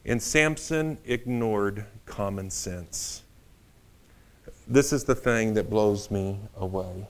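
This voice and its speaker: A male pastor preaching a sermon in a conversational, animated storytelling way. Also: lowish voice, takes it slowly.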